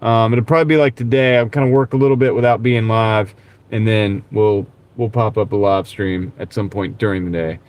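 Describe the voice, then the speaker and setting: A man with a slightly low voice talks casually to his live-stream viewers from the driver's seat. He rambles in a laid-back way and drops "dude" here and there. He is recorded on a small clip-on mic. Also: fairly even intonation, brisk, a little mellow. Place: in a car while gig driving. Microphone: wireless clip-on mic.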